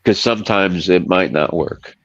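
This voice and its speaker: A man's voice: deep voice, moderate pace, a bit bright, no room sound, dull audio. A man chatting casually on a podcast, rambling and laughing as he loses his thread.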